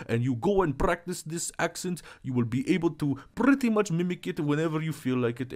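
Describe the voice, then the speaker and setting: A man voicing a crude, boastful male Russian tough guy in a comic monologue, with an exaggerated fake Russian accent, deep and aggressive, in broken English. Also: a little mellow, natural voice. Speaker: comic accent tutorial host. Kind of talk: comedic character monologue.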